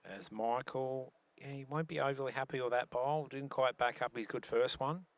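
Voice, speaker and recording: A man calls a lawn bowls match in a chatty, joking way. He trips over his words and restarts often, and his voice sits at an ordinary middle pitch. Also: normal speed. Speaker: bowls commentator. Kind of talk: live stream sports commentary.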